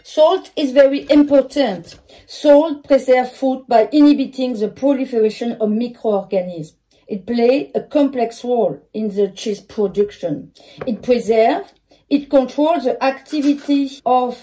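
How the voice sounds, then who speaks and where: A woman's voice: on the high side, warm tone. A woman from France with a French accent, walking through a home cooking tutorial step by step in her kitchen. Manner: careful step-by-step explaining. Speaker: home cook.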